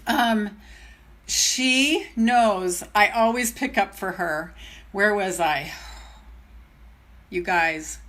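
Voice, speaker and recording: Bright, gushing older woman coach. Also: mid-range voice. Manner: gushing, chatty, greets viewers. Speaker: self-love coach. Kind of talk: live video chat with followers.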